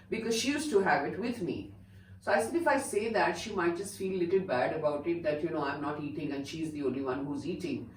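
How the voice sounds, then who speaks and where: An older woman with an Indian English accent, gently telling a personal story in a chatty way, with many "you know"s. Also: fairly low pitch, roomy sound, distant mic, a little hiss or hum, rough recording. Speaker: spiritual teacher telling her own story. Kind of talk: casual storytelling to viewers.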